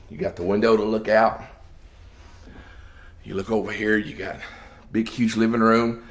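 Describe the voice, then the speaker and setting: Salesman guy touring a house, all hyped up, normal pitch, bouncing around empty echoey rooms. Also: slight background noise. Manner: excited, exclamatory, salesy. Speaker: home salesman. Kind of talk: enthusiastic home walkthrough tour. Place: inside an empty house, room to room. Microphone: handheld 360 camera.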